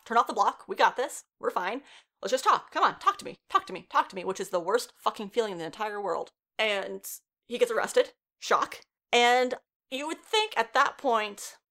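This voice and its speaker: A young woman in her twenties talks through a story's plot in loose, everyday chat. She swears without a second thought and breaks into laughs as she goes, at a middling pitch. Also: fairly bright tone. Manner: chatty, swears freely, laughs often. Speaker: show reviewer. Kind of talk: casual plot recap.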